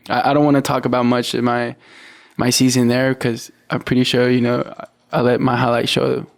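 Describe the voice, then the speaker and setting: A man's voice: mid-range voice, fairly quick, gravelly. A young man on a podcast, a college athlete who tells his story casually and acts out what he and others said. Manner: relaxed, quotes himself and others in a storytelling way. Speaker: athlete guest.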